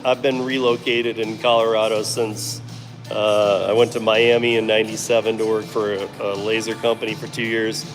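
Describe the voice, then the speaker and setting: A middle-aged man from Michigan with a Michigan accent, chatting casually on a live stream while driving, rambling and restarting his sentences. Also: lowish voice. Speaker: delivery driver livestreamer. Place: inside a vehicle. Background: music playing.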